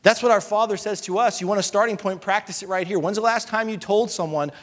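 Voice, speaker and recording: A man preaching a sermon as pastor, passionate and repetitive, swinging between loud appeals and hushed, soft passages. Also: high-pitched, fairly quick, hardly any pauses, long reverb tail. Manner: impassioned, repetitive preaching with rising and falling intensity.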